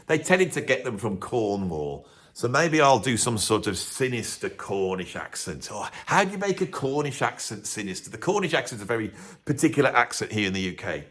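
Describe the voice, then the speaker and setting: Man telling rambling stories. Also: fairly low pitch. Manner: animated storytelling with restarts and acted-out voices. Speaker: drummer and video host. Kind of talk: casual commentary monologue.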